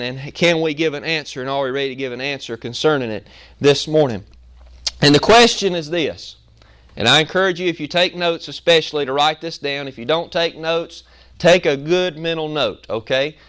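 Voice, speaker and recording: A man preaching a Sunday sermon in church, repeating and stressing key words with pauses for emphasis. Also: on the high side, a bit bright, smooth. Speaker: pastor. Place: church sanctuary.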